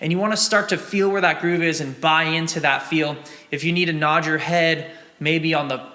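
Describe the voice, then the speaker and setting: A man's voice: on the high side, steady tone, moderate pace, pushed and bright. Encouraging young male drum teacher. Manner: encouraging, counts and sings rhythms aloud. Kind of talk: drum lesson walkthrough. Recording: roomy, with drums and metronome playing.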